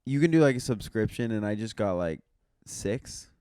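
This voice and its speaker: A man co-hosting a podcast, joking crudely in a laid-back, deadpan way. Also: fairly low pitch, moderate pace, clear, resonant tone, dry recording, studio quality. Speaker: podcast co-host. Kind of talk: casual chat.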